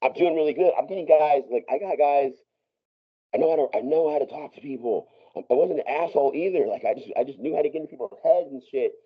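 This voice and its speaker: A man's voice: a little high, quick pace, breathy edge, muffled recording. A man telling a long story as a podcast guest, profane and rambling, with many restarts and laughs. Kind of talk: casual storytelling.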